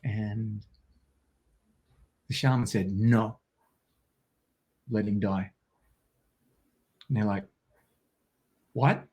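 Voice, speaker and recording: A man's voice: on the low side, fairly even intonation, extremely slow, long pauses, dark tone. An Australian man telling a personal story as an interview guest, vivid and intense, acting out quotes.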